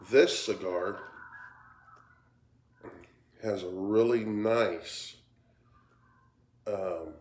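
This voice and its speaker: A man talking casually in a cigar review vlog, tired and yawning, with a halting way of speaking that repeats words. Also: fairly low pitch, a little mellow. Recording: roomy echo.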